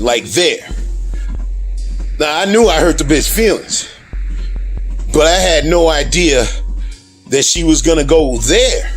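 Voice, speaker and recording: Slow-talking profane man, slightly high voice. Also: rough recording. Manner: profane, loose, laughs between lines. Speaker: vlogger telling a personal story. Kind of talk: casual storytelling.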